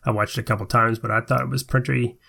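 A man's voice: medium pitch, level tone, fast talker, vocal fry, pushed and bright. A man co-hosting a podcast in casual chat, conversational with hesitant restarts. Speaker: podcast co-host.

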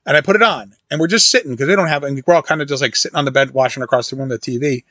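A man's voice: medium pitch, very fast, fairly bright tone, no echo. A middle-aged man hosting a casual horror-film talk, rambling through stories with many restarts and asides. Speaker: host reviewing a horror film. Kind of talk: casual monologue.

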